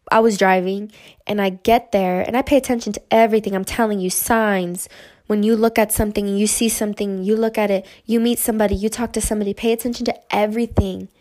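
A woman's voice: mid-range voice, darkish tone. A young adult woman casually telling a rambling story, full of "like" fillers. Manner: chatty, rambling, many "like" fillers.

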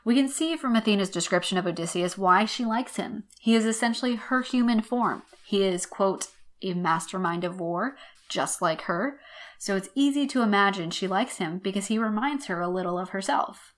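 A woman hosting a podcast lesson, explaining an old text in a wry, chatty way and slowing down to read quotations. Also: medium pitch. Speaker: podcast host teaching literature.

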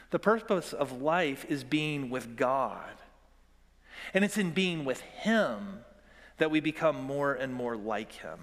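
A man's voice: mid-range voice, a bit bright. Earnest male pastor preaching in a hall. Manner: earnest preaching with congregational call-and-response. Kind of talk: sermon. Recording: long hall reverb.

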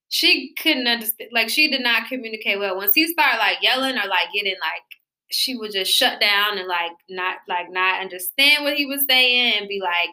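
A woman co-hosting a podcast in casual chat, telling an animated story and swearing freely. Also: a little high. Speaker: podcast co-host.

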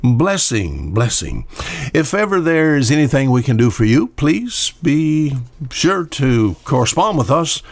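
A man's voice: medium pitch, big pitch swings, a little slow, dry recording. Folksy older male radio preacher. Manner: folksy, conversational, repeats words with frequent uh fillers. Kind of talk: radio sermon.

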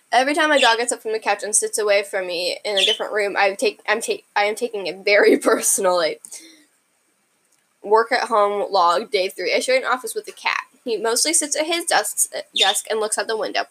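A woman's voice: medium pitch, fairly bright tone, low-quality recording. A young woman casually reading funny pet tweets aloud, giggling often and stumbling over words. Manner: giggly, chatty, many fillers and restarts.

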